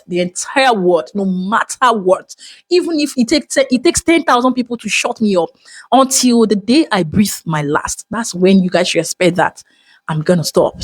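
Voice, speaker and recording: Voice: mid-range voice, dry recording. Dramatic, heartfelt Nigerian-accented vlogger. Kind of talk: emotional personal monologue.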